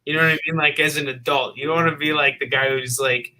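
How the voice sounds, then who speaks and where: A man's voice: fairly high pitch, steady tone, quick pace, sharp tone, rough recording. A man from the Midwest hosting a live comic book stream, chatting casually with a guest and plugging books, with plenty of fillers. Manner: upbeat, lots of fillers and plugs. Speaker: host of a live comic shop show.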